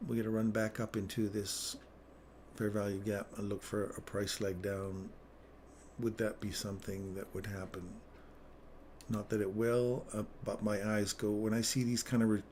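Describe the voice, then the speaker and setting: A man with a somewhat low voice runs a casual live trading stream. He drifts into rambling, chuckle-filled stories, then thinks aloud as he works through the chart. Faint background noise sits under his voice. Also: a little mellow. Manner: rambling, chatty anecdotes with frequent chuckles.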